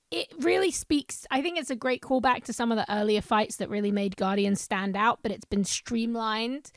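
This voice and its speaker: Female co-host, higher voice, dry studio sound, eager film chat. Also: no echo. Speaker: podcast co-host.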